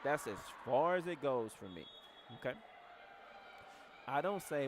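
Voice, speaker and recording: A man's voice: mid-range voice, big pitch swings, a little slow, long pauses, a little hiss or hum. Blunt, assertive man leading a team talk. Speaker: team leader. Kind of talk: motivational team training talk.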